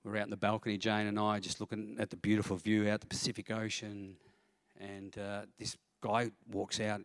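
A middle-aged man, a pastor telling lively, self-mocking stories in a sermon. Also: fairly low pitch, normal speed, dry recording, clean studio sound. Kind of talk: storytelling sermon.

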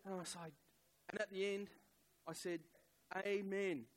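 With a high-pitched voice and flat delivery, a middle-aged man tells a personal story as part of a sermon. He talks in a conversational, stop-start way with many fillers, and the audio is poor.

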